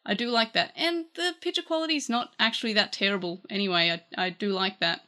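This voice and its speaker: A woman's voice: medium pitch, fast, sharp tone. A woman with an Australian accent, chatting casually through a gadget review, rambling a little with fillers and restarts. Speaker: tech reviewer.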